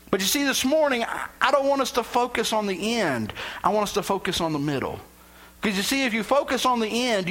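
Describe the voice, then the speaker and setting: High-voiced preacher telling a dramatic story. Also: male voice. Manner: dramatic storytelling, swinging between loud and hushed. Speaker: pastor. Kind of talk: sermon.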